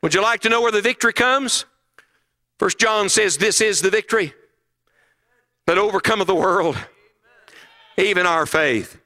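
A man's voice: high-pitched, moderate pace, pauses often, bright, forceful tone. A middle-aged man preaching a sermon at a conference, emphatic and full of rhetorical questions.

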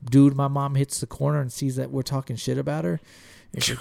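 A man in a casual podcast chat, telling a profane story in an animated way and acting out quotes in a raised voice. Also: medium pitch, fairly quick, vocal fry.

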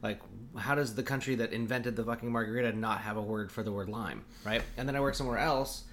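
A man's voice: mid-range voice, steady tone, fast talker, fairly bright tone, a little hiss or hum. A man in his forties co-hosting a casual podcast chat, telling stories and ranting with lots of swearing. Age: 40s. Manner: profane, ranting storyteller. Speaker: podcast co-host.

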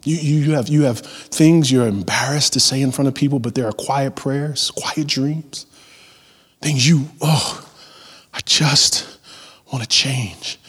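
A man preaching a sermon, a pastor who moves between loud emphasis and hushed whispers and acts out everyday prayers in a conversational voice. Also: medium pitch, measured pace, husky. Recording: long hall reverb.

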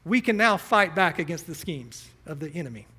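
Man preaching, high voice, emphatic, rhetorical questions to the church. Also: big pitch swings, brisk, sharp tone, husky. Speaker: pastor. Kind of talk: sermon.

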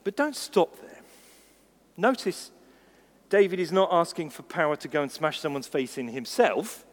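A man preaching a sermon, lively and acting out the voices in his stories. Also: fairly high pitch. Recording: long reverb of a church hall.

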